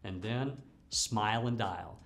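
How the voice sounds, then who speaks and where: A man's voice: lowish voice, takes it slowly, fairly bright tone. Man coaching over faint music. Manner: coaching, lays out tips point by point. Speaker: sales trainer. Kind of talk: instructional talk on sales technique.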